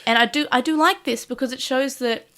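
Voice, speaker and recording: Fast bright-voiced woman podcaster. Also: high-pitched. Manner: animated, recaps episodes in detail. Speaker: podcast co-host. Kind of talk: casual chat about an anime.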